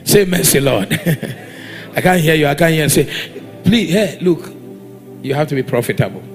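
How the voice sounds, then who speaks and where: A man's voice: on the high side, expressive, normal speed, soft background music. A man with a Ghanaian accent preaching a sermon in a church, exhorting the congregation and demanding they answer back. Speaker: pastor.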